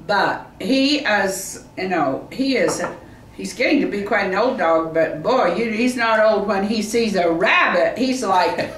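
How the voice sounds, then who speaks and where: An older woman chatting casually about her family, rambling and halting with frequent laughs, recorded far from the mic in an echoey room. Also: mid-range voice, animated. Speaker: mother chatting with a companion. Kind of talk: casual chat. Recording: roomy echo, distant from the mic, faint noise.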